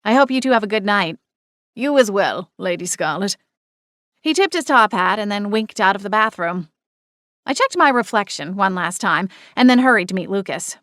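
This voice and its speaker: A woman reads a first-person cozy mystery with a playful, animated delivery. Her pitch dances through the lines at a mid register. The studio sound is close and dry. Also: no room sound. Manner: expressive, playful. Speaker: audiobook narrator. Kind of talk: first-person audiobook narration.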